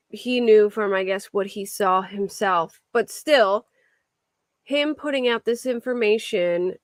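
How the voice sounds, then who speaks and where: A woman's voice: mid-range voice, fairly bright tone, dry recording, studio quality. A woman hosting a true crime livestream, chatting casually with viewers in a rambling way, full of restarts. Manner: rambling, restarts and filler words. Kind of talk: casual chat reacting to viewer comments.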